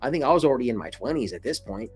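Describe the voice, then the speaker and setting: Husky young guy telling a casual story. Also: rapid-fire, soft background music. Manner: swears freely, calls listener dude and bro; acts out quoted lines in a much higher excited voice. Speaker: vlogger. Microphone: camera mic, showing scars to camera.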